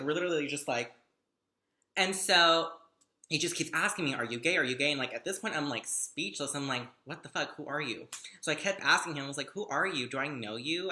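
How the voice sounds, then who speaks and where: Bright-voiced, dramatic young man vlogging. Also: mid-range voice. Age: young adult. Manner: chatty, gossipy, profane and dramatic. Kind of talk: casual storytime monologue.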